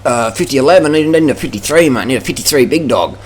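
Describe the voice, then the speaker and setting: A man's voice: mid-range voice, animated, quick pace, a little hiss or hum, close to an everyday voice. A man putting on a whiny, dismissive know-it-all male amateur cyclist in a mocking impression.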